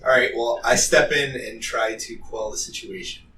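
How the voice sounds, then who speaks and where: A man playing a tabletop game who makes quick, offhand remarks. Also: medium pitch, steady tone, bright, forceful tone. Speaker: player. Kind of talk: casual tabletop game play. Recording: roomy, distant mic, faint noise.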